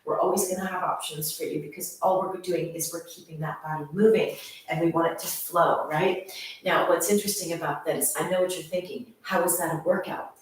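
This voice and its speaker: Enthusiastic fitness lady chatting to viewers, lowish voice, lots of room echo. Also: steady tone, brisk. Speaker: fitness instructor. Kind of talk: casual channel introduction. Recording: very echoey room, voice far from mic.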